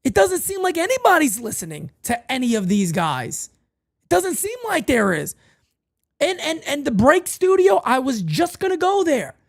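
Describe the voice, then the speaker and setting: Male sports-talk host with a high, lively voice. Emphatic and repetitive, with wide swings in pitch. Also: moderate pace, creaky. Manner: animated and emphatic, repeats phrases. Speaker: podcast host.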